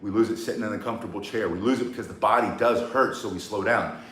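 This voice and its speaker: An older man gives a live outdoor workout lesson in the sun, teaching cane self-defense in a blunt, rambling way with joking asides. His voice is fairly low and fairly bright, and he talks fast. The distant mic picks up roomy echo and slight background noise.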